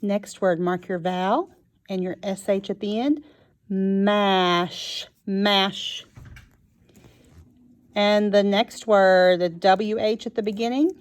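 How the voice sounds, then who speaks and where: A woman teaching a phonics lesson to young children, sounding out each word slowly and clearly. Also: medium pitch, fairly even intonation. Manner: slow and clear, sounding out words.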